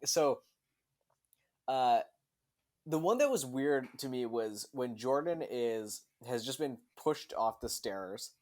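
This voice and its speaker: A man co-hosting a podcast, talking casually about a movie, hesitant at first and then animated. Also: medium pitch, slow. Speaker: podcast co-host.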